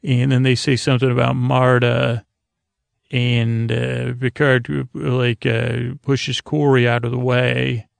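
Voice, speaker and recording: A man's voice: mid-range voice, flat delivery, takes it slowly, creaky, no room sound. A man hosting a podcast, casually retelling an episode in a rambling way, full of fillers and restarts. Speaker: podcast host.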